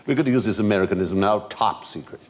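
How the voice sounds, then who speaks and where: A man's voice: lowish voice, fast. A British man hosting a comedy quiz panel, explaining trivia in a wry, teasing way. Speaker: quiz show host. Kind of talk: panel show quizmastering.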